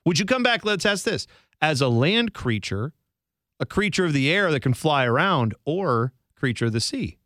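A man's voice: on the high side, big pitch swings, moderate pace, fairly bright tone, dry recording, clean studio sound. A man co-hosting a radio talk show, chatting casually in a rambling, self-deprecating way.

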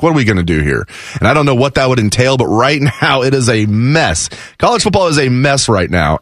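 A man's voice: fairly low pitch, dry recording, studio quality. A man co-hosting a casual sports talk show, giving opinionated takes and laughing between points.

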